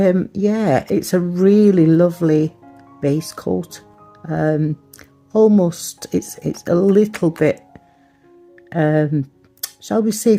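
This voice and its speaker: Middle-aged woman, gravelly, chatty rambling product review, faint music behind. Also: low voice, dark tone. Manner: chatty, rambling, self-deprecating. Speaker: nail art vlogger. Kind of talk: casual product review vlog.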